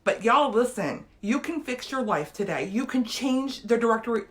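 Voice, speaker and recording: A woman's voice: on the high side, animated, normal speed, few pauses, a bit bright. A woman, giving an emotional, earnest motivational talk straight to her viewers. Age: 50s. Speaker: motivational vlogger.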